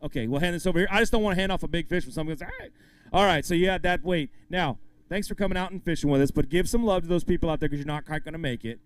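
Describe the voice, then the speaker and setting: Outdoors at a live fishing tournament weigh-in, a man with a fairly high voice emcees at rapid-fire speed. Upbeat throughout, he calls out weights while hyping up the crowd and the anglers.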